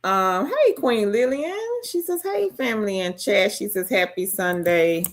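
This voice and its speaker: A woman's voice: medium pitch, very animated, a little slow. A woman hosting a casual live stream, greeting each viewer by name and reading out their comments.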